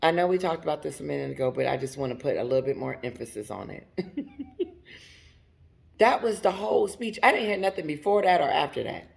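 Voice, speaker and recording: A woman who hosts a commentary channel talks casually and emphatically straight to her viewers, laughing often. Her voice is low, gravelly, animated, and fast.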